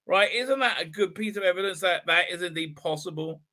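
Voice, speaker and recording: This show host, whose voice sits high with a sharp edge, reviews an episode a little quickly. His recap turns into an exasperated, disbelieving rant packed with fillers and sarcastic quotations.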